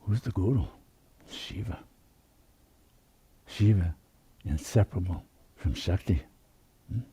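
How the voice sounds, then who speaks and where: Slow husky-voiced man teaching meditation. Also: low voice. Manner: soft, unhurried, drawn-out phrasing. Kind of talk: slow spiritual talk.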